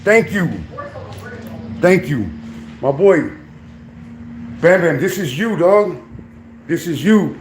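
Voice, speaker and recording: A man's voice: sits high, lively intonation, slow, long pauses, slight background noise. A man in a heated livestream rant from home, confrontational, repeatedly calling the listener dog and my boy.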